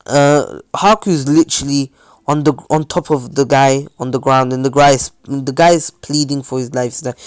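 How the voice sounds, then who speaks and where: A man's voice: mid-range voice, steady tone, normal speed, clean tone, dry recording. A man improvising a fan fiction story as narrator, rambling with many fillers and restarts. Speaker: channel host, storyteller.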